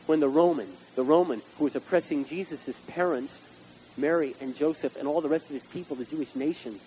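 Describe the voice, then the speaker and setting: A male pastor preaching a sermon, swinging between loud outbursts and hushed asides. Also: on the high side, a little fast, lo-fi sound, slight background noise.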